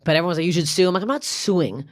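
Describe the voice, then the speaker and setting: A woman in her thirties, a comedian guesting on a podcast, tells a story in casual chat. She swears constantly and acts out each line with lively energy. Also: on the low side, rapid-fire. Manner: profane, animated storytelling.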